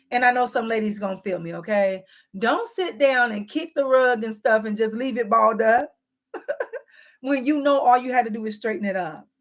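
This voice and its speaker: A woman talking straight to her viewers in a casual advice vlog, frank and teasing, acting out both sides of everyday arguments. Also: a little high. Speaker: relationship advice vlogger.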